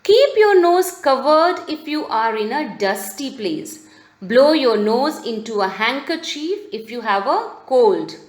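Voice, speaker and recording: Female teacher, video lesson for children, slightly high voice, slow careful delivery that spells words out, echoey room. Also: sing-song. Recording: roomy echo.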